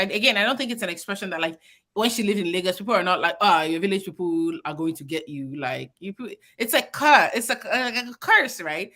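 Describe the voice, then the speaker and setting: A woman chats casually as a podcast host. Her voice is bright and clear, and she tells stories in an animated way, packed with fillers and quick laughs. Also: a little high. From Nigeria. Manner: animated storytelling, laughs often, many fillers. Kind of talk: casual chat.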